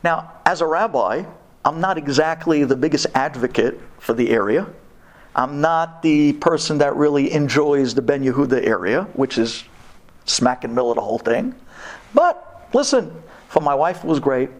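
A man, a rabbi, tells a humorous personal story as part of a Torah talk. His voice sits a little higher than most men's and swings widely as he acts out the dialogue. The storytelling is lively and comic. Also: normal speed.

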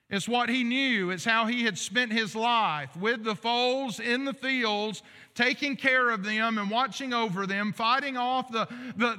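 A middle-aged man delivers an earnest sermon with a high, sharply bright voice. His emphatic phrases ring out with a long hall reverb. He is recorded in a church sanctuary. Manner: earnest, emphatic preaching with repetition. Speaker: pastor.

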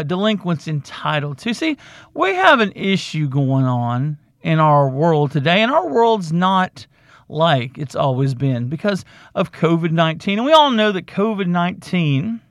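High, gravelly male host lecturing in the third person, repetitive and emphatic; dry, close sound. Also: fairly bright tone, dry recording. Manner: calls himself "the Doc" in the third person, lecturing; repeats himself, drawn-out emphasis. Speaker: podcast host. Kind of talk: comic advice monologue.

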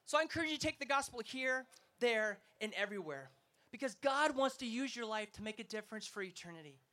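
A man's voice: very high voice, expressive, quick pace, sharp tone. A man preaching an emphatic sermon, telling stories and rousing his listeners. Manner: emphatic, rousing, storytelling delivery. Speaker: evangelist preacher. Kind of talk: festival sermon.

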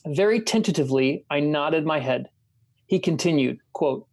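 A man co-hosting a casual talk show, chatting and reading a book passage aloud in a reflective, measured way that slows on key words. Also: on the high side, lively intonation, darkish tone.

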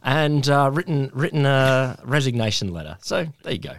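A man's voice: mid-range voice, big pitch swings, normal speed. An Australian man hosting a casual politics podcast, loose and jokey, rambling and swearing, on a close mic. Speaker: podcast host.

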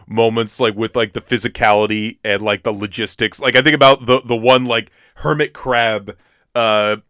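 A man's voice: fairly low pitch, steady tone, moderate pace, fairly bright tone, smooth, no echo, clean studio sound. A young man co-hosting a podcast in casual chat, hesitant and full of stumbling restarts. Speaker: podcast co-host.

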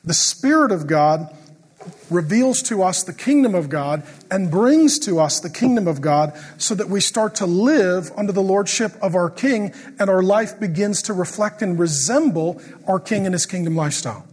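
A middle-aged man preaching a sermon, joking through family stories and turning quiet and earnest when he prays. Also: high-pitched, animated, moderate pace, slightly rough. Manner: joking storyteller who turns quiet and earnest in prayer. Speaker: pastor. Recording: long hall reverb.

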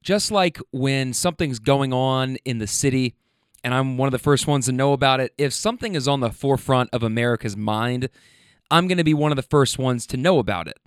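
A man's voice: mid-range voice, fairly quick, clean tone, dry recording. Laughing man hosting, dry close sound. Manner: laughs often, loose rambling asides. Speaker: host reacting to clips. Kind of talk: casual commentary.

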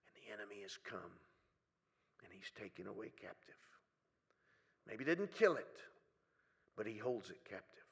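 A lowish, sing-song voice carries this man's sermon in a church hall, where his slow, drawn-out words swing from hushed near-whispers to loud, pleading cries before the congregation.

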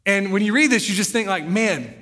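A young man with a high, light voice preaches a sermon, moving between scripture reading and easygoing explanation. His voice carries a long reverb, as if heard in a large hall. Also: animated, a little fast, sharp tone. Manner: conversational preaching with Bible reading. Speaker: pastor.

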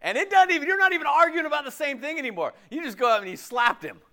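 A pastor giving a casual, jokey sermon, asking the audience questions and laughing often. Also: male voice, very high voice, animated, fast talker, bright, forceful tone.

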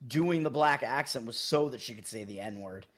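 A man's voice: medium pitch, expressive, moderate pace. A man as a podcast guest making wry jokes in casual banter. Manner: wry, joking.

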